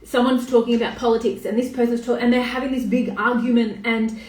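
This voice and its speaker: A woman's voice: on the high side, flat delivery, fairly quick, darkish tone. A woman, talking casually on a live stream as a coach, swearing freely and greeting viewers by name. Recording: echoey room, voice a bit far off.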